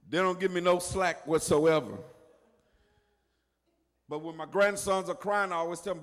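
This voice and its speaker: Older pastor preaching, high bright voice, big echoey church. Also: male voice, moderate pace, pauses often. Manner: preaching, swinging from quiet asides to shouting. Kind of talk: sermon. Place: church sanctuary. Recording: long reverb of a large hall.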